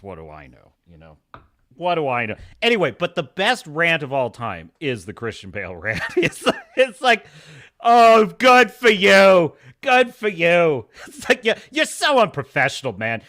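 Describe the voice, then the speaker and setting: Animated, excitable man hosting a podcast. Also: mid-range voice. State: over-caffeinated. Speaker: podcast host. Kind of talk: live podcast chat.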